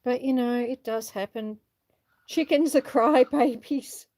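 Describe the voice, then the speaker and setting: A woman with a high voice chats live while walking outdoors on her farm, reading the chat as a homestead livestreamer. She speaks at an unhurried pace, answering viewers warmly and chattily with frequent laughs, and the recording is dry.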